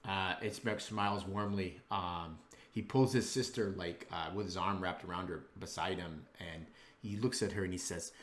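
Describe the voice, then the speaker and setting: A man narrating as game master in a measured, hesitant way with many fillers. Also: sits low, steady tone, a bit bright. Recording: roomy echo.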